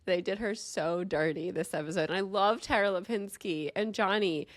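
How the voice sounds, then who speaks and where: A woman's voice: mid-range voice, normal speed, no echo. Emphatic woman podcast host, dry sound. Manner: emphatic, swears often, animated retelling. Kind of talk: casual chat.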